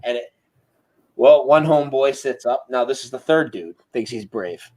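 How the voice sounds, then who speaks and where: A man's voice: mid-range voice, normal speed, poor audio. A man telling a story over a video call. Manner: animated, imitates sounds, swears freely. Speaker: interview guest. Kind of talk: casual storytelling.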